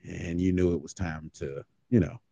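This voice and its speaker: A man hosting a casual podcast chat, telling stories with lots of laughing and quick impressions. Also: low voice, creaky, no echo, lo-fi sound. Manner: animated storyteller, laughs often, mimics voices. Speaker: podcast host.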